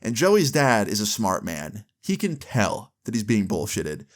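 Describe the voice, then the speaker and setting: A young man tells a story in a loose, rambling way, full of fillers. His voice sits on the low side. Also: huge pitch swings, unhurried. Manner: rambling, lots of "like" and "dude". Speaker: vlogger. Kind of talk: casual storytelling.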